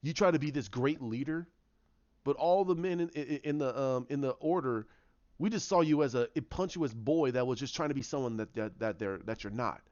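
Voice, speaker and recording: A man voicing an earnest young male ex-soldier who urges a rival to redeem himself, sounding urgent and a little lower and slower than his own telling, on a dull, dry recording. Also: darkish tone, no room sound, close to an everyday voice. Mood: earnest pleading.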